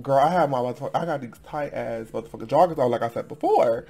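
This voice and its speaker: A man's voice: medium pitch, brisk, hardly any pauses, a little mellow. A man in his twenties telling a storytime vlog to camera, sassy and profane, laughing often and calling viewers girl. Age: 20s. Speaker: storytime vlogger. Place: at home in front of a camera.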